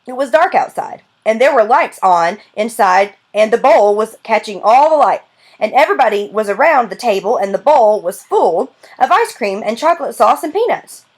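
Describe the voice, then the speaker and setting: A woman's voice: on the high side, lively intonation, normal speed. A woman narrating a children's novel in the first person, in an earnest, plain way. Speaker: audiobook narrator. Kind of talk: storybook narration.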